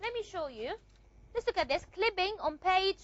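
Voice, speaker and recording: High-voiced woman teaching a lecture. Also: expressive, normal speed, lo-fi sound. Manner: repeats and asks rhetorical checks, with frequent fillers. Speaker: linguistics teacher. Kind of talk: recorded classroom lecture.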